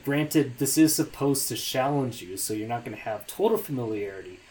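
A man's voice: mid-range voice, expressive, moderate pace, darkish tone. A young man co-hosting a casual podcast, talking in a loose, hesitant way with lots of fillers and restarts. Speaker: podcast co-host.

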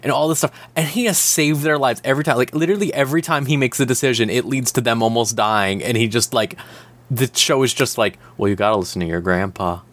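A man's voice: medium pitch, quick pace. A man co-hosting a podcast, ranting about a show in casual chat, swearing often and filling with "like". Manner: animated ranting, frequent swearing and "like". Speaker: podcast co-host.

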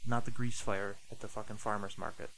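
A man's voice: lowish voice, little pitch movement, a little fast, fairly bright tone, slight background noise, low-quality recording. A man who trains dogs, talking as a podcast guest in a laid-back way, full of "like" and swearing. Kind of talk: casual podcast chat.

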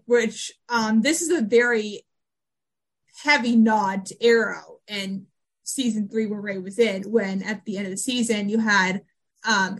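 A woman co-hosting a podcast, chatting casually about a TV episode and acting out characters' lines as she goes. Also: mid-range voice. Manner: animated, acts out lines from scenes. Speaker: podcast co-host. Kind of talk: casual chat recapping a TV episode.

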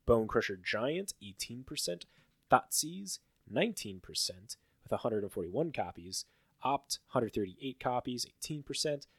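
A man's voice: medium pitch, a little slow, slightly rough, no echo, clean studio sound. A man co-hosting a podcast, chatting casually and rambling through card game stats with lots of fillers. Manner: rambling, filler-heavy, animated when listing stats. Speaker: podcast co-host. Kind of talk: casual chat about card game results.

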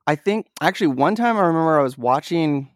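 A man's voice: a little high, expressive, fast talker, dry recording. A young man co-hosting a casual podcast chat, telling rambling stories and laughing often. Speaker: podcast co-host.

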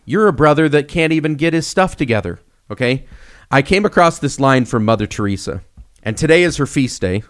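A young man co-hosting a casual podcast, telling stories with lively swings and acting out the voices in them. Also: medium pitch, brisk. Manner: animated storyteller, acts out quoted voices. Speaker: podcast co-host.

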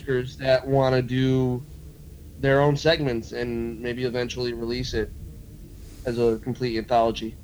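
Laid-back filmmaker man, halting speech. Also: mid-range voice, little pitch movement, darkish tone, slight background noise, rough recording. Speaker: guest filmmaker. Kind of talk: casual chat.

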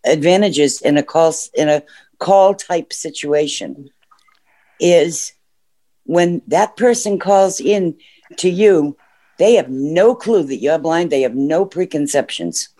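A man's voice: a little high, takes it slowly, warm tone. A man calling in to a discussion program, making earnest points and sometimes losing his train of thought. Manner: earnest, loses track of thoughts. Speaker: caller. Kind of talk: call-in comments.

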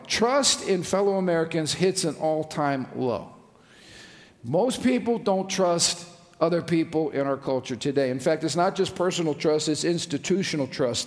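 A middle-aged male pastor preaching a sermon to his congregation in a conversational, joking way, often asking the room questions. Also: a little high. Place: church sanctuary with congregation. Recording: long hall reverb.

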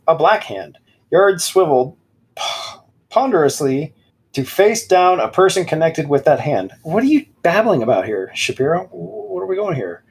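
A man chats loosely on a podcast, reading lines from a book with sarcastic, put-on drama. His voice is husky and a bit breathy. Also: a little high, sing-song, moderate pace. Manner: sarcastic, reads passages aloud with mock dramatic voices. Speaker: podcast co-host. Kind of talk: casual mocking book review chat.

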